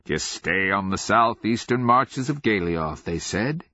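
A man voicing a hoary, half-mad old male sergeant with a harsh, rasping voice who cackles and rambles in conspiratorial glee. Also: lowish voice, expressive, unhurried, pushed and bright, dry recording, dull audio. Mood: mischievous.

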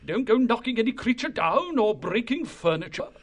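A man's voice: very high-pitched, sing-song, normal speed, voice pushed up, heavily acted. A man voicing a fat, bustling and bossy male mouse cook in an audiobook. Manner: fussy, bossy. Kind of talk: audiobook reading.

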